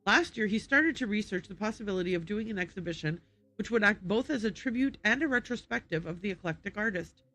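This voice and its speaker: A woman streamer reading in-game documents aloud on a livestream, careful and unhurried, stopping to correct and reread her slips. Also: medium pitch, expressive, fairly bright tone.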